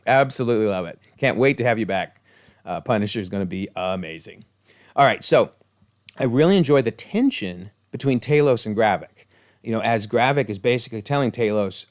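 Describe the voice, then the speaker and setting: A man's voice: mid-range voice, big pitch swings, moderate pace. A man giving enthusiastic, chatty commentary on a TV series, with frequent laughs and fillers. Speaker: video commentator. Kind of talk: casual commentary.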